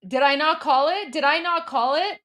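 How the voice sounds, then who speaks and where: A woman with a fairly high voice hosts a live stream in a loose, chatty way. She is blunt and opinionated, peppers her talk with "like" and "um", and reacts to viewer messages as she goes. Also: moderate pace, sharp tone. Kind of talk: casual live-stream commentary reading viewer chats.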